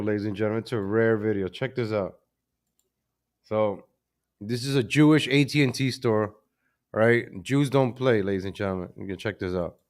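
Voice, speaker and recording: Casual home streamer, male, chatty, loops phrases, desk mic. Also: medium pitch. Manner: chatty, easily distracted, repeats himself. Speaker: livestream host. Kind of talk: casual live-stream chat. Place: home room at his computer. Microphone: desk microphone.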